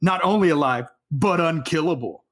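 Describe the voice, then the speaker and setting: A man's voice: a little high, normal speed. A man on a podcast reading a plot rundown aloud, slipping in wry jokey asides. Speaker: podcast co-host.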